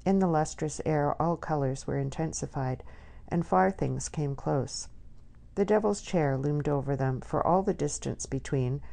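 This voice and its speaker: A woman reading a novel aloud in measured, scripted narration. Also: sits low, gravelly, mellow. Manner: measured storytelling. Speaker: audiobook narrator.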